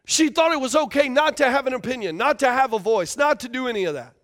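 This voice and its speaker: A man's voice: very high voice, animated, fast talker, fairly bright tone. A man preaching a sermon as a pastor, emphatic and repetitive, often asking the congregation for responses.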